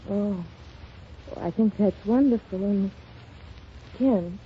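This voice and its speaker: An actress in a 1930s radio drama playing a devoted young wife, affectionate, emotional and insistent. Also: female voice, mid-range voice, slow, lightly acted. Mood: tender. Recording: dull 1930s radio broadcast, light hiss.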